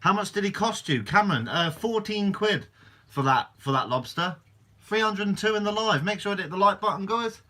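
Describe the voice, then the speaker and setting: Bright-voiced man chatting live. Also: high-pitched, lively intonation, normal speed. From Guernsey, Channel Islands. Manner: chatty, reads out viewer comments and answers them. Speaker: fishing channel host. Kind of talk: casual live-stream Q&A.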